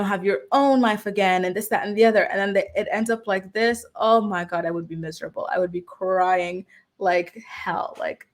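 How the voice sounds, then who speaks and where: A young adult woman hosting a casual reality-TV recap, chatty and opinionated with many filler words. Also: mid-range voice. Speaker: YouTube recap host.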